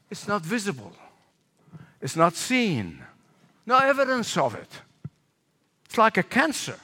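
An older man preaching a sermon as pastor, animated, repeating phrases for emphasis and asking the congregation questions. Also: high-pitched, long reverb tail.

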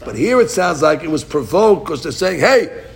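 Guy teaching talmud, kinda high voice w some gravel, talks fast and animated. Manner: quick, animated, acts out the story's voices. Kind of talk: lively Talmud class.

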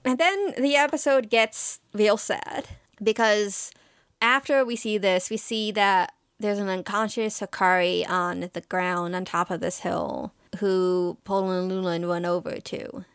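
A woman's voice: mid-range voice, steady tone, measured pace, smooth, no echo, studio quality. A woman co-hosting a casual podcast, recapping an anime episode in a chatty, emotional way with lots of fillers. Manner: chatty and emotional, with many fillers and quoted lines. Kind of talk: casual chat.

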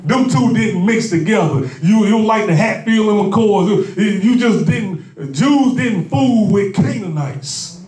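Man, sermon, high voice, folksy and repetitive, swells into shouts, echoey church, mic set far off. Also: slow. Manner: folksy, repetitive preaching that builds to shouted exhortation. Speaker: preacher. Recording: echoey room picked up from a distance.

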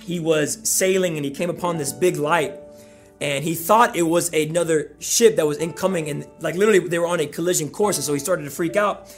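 A man preaching a sermon as pastor, in an energetic, conversational style that repeats key phrases for emphasis. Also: a little high, fairly quick, soft background music.

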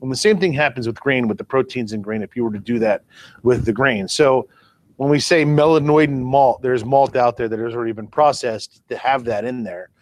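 A man's voice: mid-range voice, brisk, a little mellow. A man co-hosting a casual podcast, explaining things with everyday comparisons and a loose, self-deprecating manner. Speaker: podcast co-host. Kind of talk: casual chat.

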